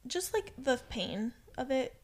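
A woman's voice: high voice, sing-song, unhurried. A young woman in casual chat, rambling with many fillers.

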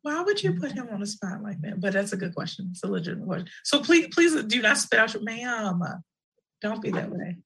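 A woman co-hosting a casual chat show, chatty and quick to laugh as she tells stories. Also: medium pitch, sing-song, vocal fry, a bit bright, slightly rough, poor audio. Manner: chatty, storytelling, laughs easily. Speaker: co-host.

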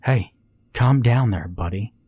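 A man's voice: fairly low pitch, unhurried, dark tone, slightly rough. A man voicing a cocky, cruel boy bully who taunts and sneers with overconfidence. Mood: tense.

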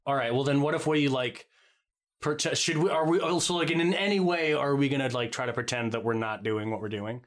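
A tabletop game player chatting casually, joking and halting. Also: mid-range voice.

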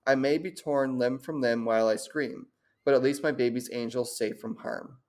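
Woman, casual co-host, reads horror stories aloud, quick to laugh, stumbles over long words. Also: extremely low pitch, steady tone, darkish tone.

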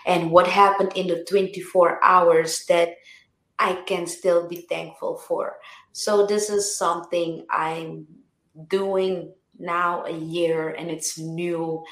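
Woman, songwriter guest, lowish pitch, reflective, repetitive phrasing, roomy echo. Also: level tone, takes it slowly, a bit bright. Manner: reflective, repeats words and restarts often. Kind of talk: casual interview chat.

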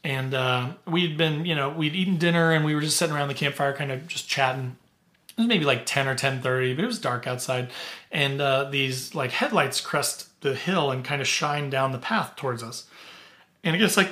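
Middle-aged male podcast host, loose chatty storyteller, bright and forceful tone, pitch a touch high. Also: moderate pace. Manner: chatty, filler-heavy, laughs easily. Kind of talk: casual storytelling.

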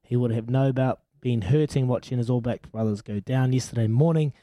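Matey New Zealand man, mellow voice. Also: mid-range voice, steady tone, brisk, dry recording. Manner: matey, joking, calls people mate. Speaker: radio co-host. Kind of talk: casual radio banter.

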